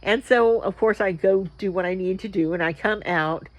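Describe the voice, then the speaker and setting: A woman hosting a wrestling vlog, telling a rambling, excitable story with plenty of fillers and restarts. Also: medium pitch, normal speed, no echo, highs cut off. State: about to sneeze.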